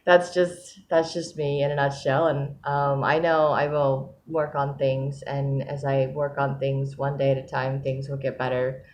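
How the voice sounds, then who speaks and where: A woman talking in a casual diary vlog, sleepy and yawning, rambling and self-deprecating with frequent laughs. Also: deep voice. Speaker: vlogger.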